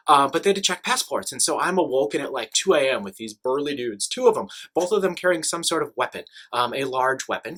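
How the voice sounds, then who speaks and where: A young man, a teacher, casually telling travel stories to the camera in an animated, chatty way with lots of fillers. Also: mid-range voice.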